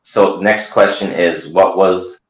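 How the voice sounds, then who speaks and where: A male host chatting casually, rambling and animated, slipping into loud mocking voices. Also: low voice, slow, echoey room, dull audio. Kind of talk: casual chat.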